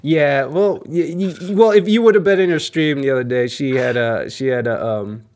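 A man's voice: mid-range voice, moderate pace, darkish tone. A man hosting a casual interview, rambling with many filler words and loose, restarted phrases. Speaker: interview host.

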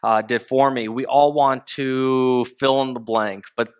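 Delivering his sermon unhurriedly in a clear, resonant mid-range voice, a young adult American dad tells stories in an easygoing, conversational way. He occasionally mimics his toddlers.

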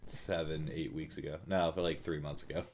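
A man's voice: rumbling low, flat delivery, a little fast, darkish tone. A man co-hosting a podcast in casual banter, teasing his co-host with crude jokes.

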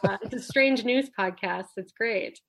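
A woman's voice: on the high side, unhurried, vocal fry, a bit bright. A woman guesting on a podcast as a critic, chatting casually with lots of "like" fillers. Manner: casual, many "like" fillers, laughs easily. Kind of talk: casual interview chat.

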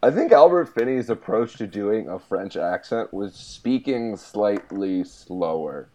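A man's voice: lowish voice, measured pace. A man co-hosting a podcast, chatting casually and jokingly about films, often slipping into mocking quoted voices. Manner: animated, jokey, does mocking quoted voices. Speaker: podcast co-host. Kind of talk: casual film chat. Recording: dull lo-fi sound.

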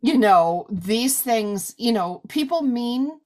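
A woman's voice: fairly high pitch, lively intonation, slow pace, a little mellow. A middle-aged woman hosting a podcast, reading an ad and then chatting with a guest in a loose, rambling way full of asides. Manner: chatty, many fillers and asides. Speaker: podcast host. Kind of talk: casual interview chat and ad read.

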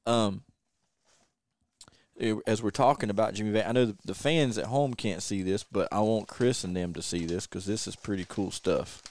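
A man hosting a podcast, an ex-wrestler telling stories in a lively, anecdotal way. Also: on the low side, moderate pace, dry recording. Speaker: podcast host and former wrestler. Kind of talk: casual storytelling interview.

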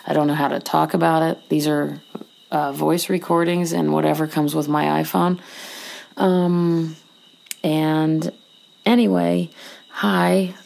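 A woman's voice: low voice, little pitch movement, unhurried, creaky, a little mellow. A woman losing her voice talks casually into a phone outdoors, rambling a little, then reads a poem aloud. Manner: rambling, self-deprecating, unscripted. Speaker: podcast host reading poetry. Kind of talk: casual chat, then poetry reading.

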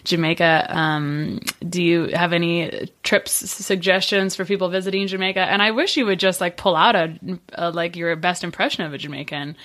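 A woman's voice: fairly low pitch, steady tone, moderate pace, hardly any pauses, fairly bright tone. A woman hosting a podcast interview, chatty and playfully teasing her guest. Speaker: podcast host. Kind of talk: casual interview chat.

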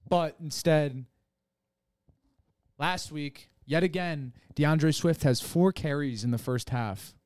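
A man's voice: fairly high pitch, takes it slowly, darkish tone, clean tone, dry recording, studio quality. A man co-hosting a casual sports podcast, talking in a laid-back way and sometimes trailing off. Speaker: podcast co-host. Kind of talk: casual chat.

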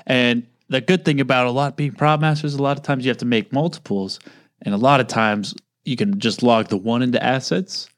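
A man who works on film crews, a podcast guest chatting casually, laughing often. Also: mid-range voice. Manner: laughing, agreeable, quick asides. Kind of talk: casual comedic chat.

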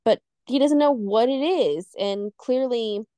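A woman's voice: fairly high pitch, dark tone, dry recording. Woman co-host, casual, digresses while telling scary tales; dry, close recording. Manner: rambling, loses her train of thought, quick asides. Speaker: podcast co-host, storyteller.

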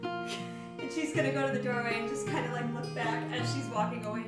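Woman player, giggly and breathless, high voice, echoey room. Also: steady tone, fairly quick. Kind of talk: playing a character in a tabletop game. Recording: roomy with guitar music.

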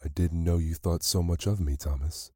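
A man voicing a frightened, rheumatic old village woman who talks in a hushed, gasping way. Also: deep voice, steady tone, normal speed, no room sound, studio quality. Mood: shy. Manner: gasping, fearful.

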